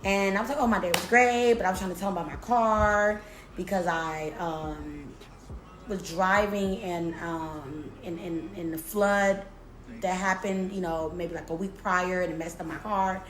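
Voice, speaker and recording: A woman's voice: lowish voice, steady tone, a little slow. A young woman telling a storytime to her viewers in a casual, slangy, profane way, often repeating herself. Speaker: storytime vlogger. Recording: roomy echo with faint music.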